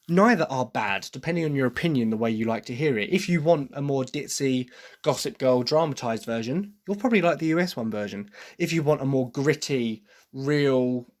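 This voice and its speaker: A young man hosting a solo podcast, talking through his opinions in an enthusiastic, rambling way. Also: mid-range voice. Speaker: podcast host.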